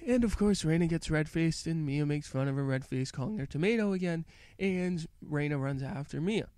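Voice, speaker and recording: Man reviewer, casual rambling episode recap, smooth voice, dry close sound. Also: on the high side, moderate pace, warm tone, no room sound. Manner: rambling, hesitant, many fillers. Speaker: anime reviewer.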